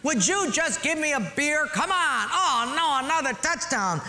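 Man doing a yelling couch-potato sports fan. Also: very high-pitched, animated, measured pace, pitched above the performer's own voice, full character voice. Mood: impatient, demanding. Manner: yelling demands, ignoring everything said. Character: impatient beer-bellied man glued to TV football.

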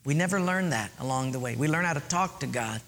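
A man's voice: a little high, expressive, fast talker, a bit bright, a little hiss or hum. A man preaching a sermon earnestly, asking listeners to underline and write things in their notes. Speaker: pastor.

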